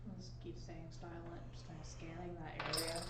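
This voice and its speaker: A woman playing a tabletop game, loud and laughing often. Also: lowish voice, little pitch movement, normal speed. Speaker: player. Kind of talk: casual tabletop play. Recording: echoey room, distant mic, noisy.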